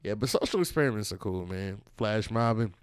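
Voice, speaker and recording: A man's voice: fairly low pitch, expressive, fairly quick, clean tone, dry recording. A Texan man hosting a comedy podcast, spinning loose, profane anecdotes. He acts out the voices of the people in his stories. His voice is close and dry, with no room sound around it. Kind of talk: casual chat.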